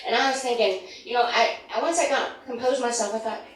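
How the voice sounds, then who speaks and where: A woman's voice: fairly high pitch, a little fast. Self-deprecating middle-aged woman in an echoey room. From United States. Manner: self-deprecating, rambling asides. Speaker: stand-up comedian. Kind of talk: stand-up comedy set. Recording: echoey room from far, noisy.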